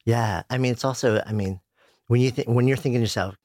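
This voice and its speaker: A man's voice: medium pitch, darkish tone, no room sound, studio quality. A man hosting an interview, reflective and conversational, often saying "I mean" and "like". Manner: quick, reflective, full of "I mean" and "like". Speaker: interview host.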